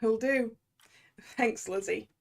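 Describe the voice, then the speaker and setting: A woman acts out a young male lawyer from a game with a thick put-on French accent, swaggering and sure of himself. His voice is pitched high and gravelly, with a bit of rasp at the edges. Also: slow pace. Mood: teasing. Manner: showy, self-assured.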